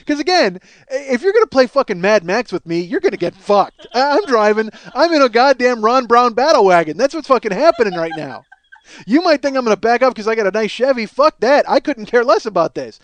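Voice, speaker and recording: Very high-voiced man ranting comically. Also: dry recording. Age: 40s. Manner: profane, rambling, self-mocking, laughing at himself. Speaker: podcast host. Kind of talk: comedic storytelling monologue.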